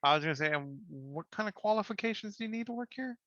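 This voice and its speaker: A man's voice: sits high, lively intonation, quick pace, fairly bright tone, no echo. A man playing a tabletop game, speaking hesitantly with stammering restarts. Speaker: player. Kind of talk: casual chat at a tabletop game. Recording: dull lo-fi mic.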